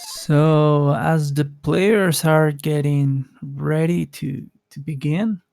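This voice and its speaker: A man from Colombia commentating a live speedrun match late at night, in a relaxed, low voice with halting restarts. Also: vocal fry, no room sound, soft background music.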